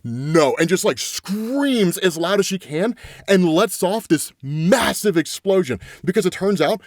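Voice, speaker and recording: A man's voice: high voice, unhurried, dry recording, clean studio sound. A man casually recapping a comic book story as a host, tagging his lines with "right?" and retelling the dialogue in his own voice. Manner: animated, tags lines with "right?" and "like".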